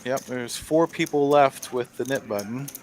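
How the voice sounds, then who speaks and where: A man doing relaxed live poker commentary, explaining hands with filler words. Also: mid-range voice, normal speed.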